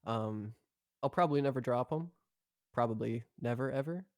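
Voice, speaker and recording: A man's voice: mid-range voice, moderate pace, no room sound. A young man co-hosting a podcast, chatting casually in a laid-back, rambling way at a microphone. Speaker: podcast co-host. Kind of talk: casual chat.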